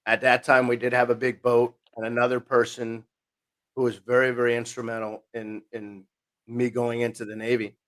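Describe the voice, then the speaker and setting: A man's voice: mid-range voice, moderate pace. A man, a podcast guest telling his life story in a rambling, self-interrupting way. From New Jersey, USA. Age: 50s. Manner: rambling, self-interrupting, animated retelling with quoted voices.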